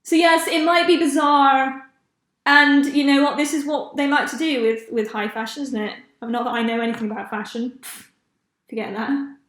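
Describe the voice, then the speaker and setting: Young woman, podcast host, high-pitched and chatty, recorded in an echoey room. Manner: chatty, laughs often, loses track of names. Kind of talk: casual chat.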